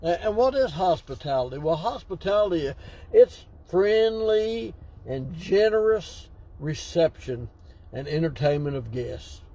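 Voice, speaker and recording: A man's voice: fairly high pitch, sing-song, a little slow, mellow, rough recording. A man preaching a sermon, exclaiming and drawing out key words for emphasis.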